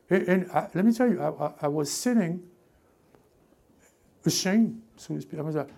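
A man delivers a sermon with a gravelly, mellow tone. His preaching is fervent and repetitive, built on call-and-response. He swings from loud urging to hushed asides. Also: fairly high pitch, animated, moderate pace, pauses often.

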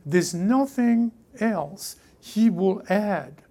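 French accent guy preaching, kinda gravelly low mellow voice, keeps repeating stuff and going quiet. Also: expressive, very slow. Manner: emphatic, repeats key phrases, drops to hushed asides. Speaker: pastor. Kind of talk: sermon.

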